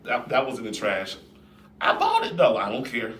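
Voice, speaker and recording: A man's voice: mid-range voice, wildly swooping pitch, moderate pace, fairly bright tone, a little hiss or hum. A man putting on the voice of a jealous, suspicious wife who scolds her husband in an exaggerated, sassy way. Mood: bossy. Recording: roomy echo, distant mic.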